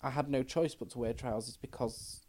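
A woman's voice: rumbling low, fairly even intonation, normal speed, dark tone. A middle-aged trans woman, talking frankly as a podcast guest and telling stories with quoted dialogue. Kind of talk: casual chat.

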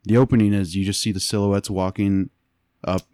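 A man co-hosting a casual chat, excitable and acting out scenes in quick voices. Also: lowish voice, no echo, clean studio sound. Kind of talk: casual chat about superhero movies.

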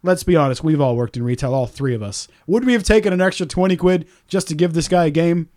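Fast sweary podcast guy ranting about a store, acts out everyone. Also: a little high. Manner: swearing, animated, acts out other people's lines. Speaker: podcast host. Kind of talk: casual storytelling rant.

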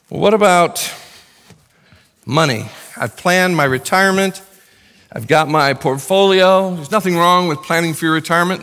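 Delivering a sermon with a pushed, bright, fairly high-pitched voice, this pastor stays earnest and conversational while adding offhand asides for his congregation. The sound carries a long hall reverb.

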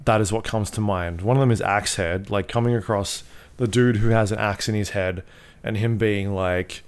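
Rambling, low-voiced male podcast co-host. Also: steady tone, moderate pace. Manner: rambling, filler-heavy, swears freely. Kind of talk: casual chat about video games.

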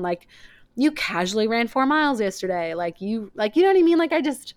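Young female podcast host, chatty and emotional, filler-heavy, clear tone, dry booth sound. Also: on the high side, sing-song, a little fast, no room sound. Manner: rambling, many "like" fillers, emotional. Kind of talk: casual chat.

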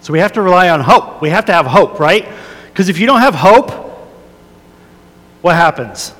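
A man's voice: high-pitched, expressive, normal speed. Pastor, male, 30s, confessional sermon delivery, long hall reverb. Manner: earnest, confessional, many fillers and restarts, soft prayerful then rising emphatic. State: a little emotional.

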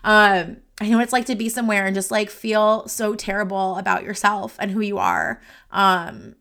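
A woman's voice: medium pitch, moderate pace, gravelly. A woman hosting a solo podcast as a career coach, talking unscripted, earnest and rambling, speaking straight to her listeners into a desk microphone. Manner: earnest, rambling, heartfelt, addresses listeners directly; animated, gestures while talking.

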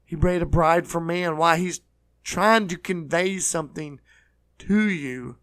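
High-pitched guy preaching, earnest, repeats himself, dry close sound. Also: a bit bright, no room sound. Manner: earnest, repeats phrases, slows for emphasis. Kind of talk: sermon.

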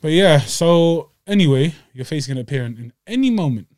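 A young man co-hosting a podcast, telling stories in casual slang and getting louder as he gets riled up. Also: fairly high pitch, brisk. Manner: animated storytelling with slang, voices rising when riled. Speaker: podcast co-host. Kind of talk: casual chat. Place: small home studio.

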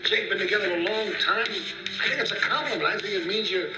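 An actor playing an eager, persuasive man with animated salesman patter in an old sitcom clip. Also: high-pitched, a little fast, highs cut off, natural voice. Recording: old TV clip, roomy, far from mic, music under.

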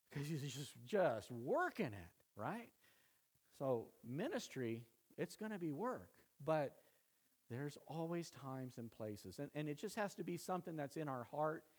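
A man preaching a sermon to his church, building emphasis through repeated phrases and easing into quiet prayer. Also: fairly high pitch, slightly rough. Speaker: pastor.

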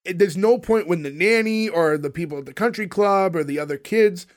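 A man's voice: sits high, fairly quick. A man hosting a casual podcast, rambling with many fillers and restarts as he recaps a sitcom.

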